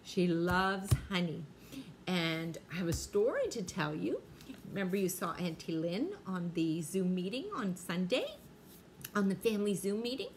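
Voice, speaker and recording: A woman's voice: fairly low pitch, animated, a little slow, a little hiss or hum. An older woman reading aloud at bedtime to her grandchildren, playful and drawing out the punchlines. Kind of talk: bedtime read-aloud for young children.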